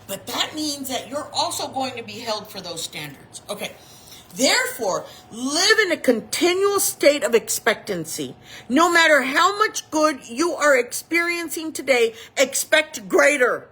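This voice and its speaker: A woman chaplain in her fifties delivers a sermon in a high, bright voice. Her pitch leaps up and down as she talks. She preaches with animation and acts out the people she quotes. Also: very animated, unhurried, poor audio. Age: 50s.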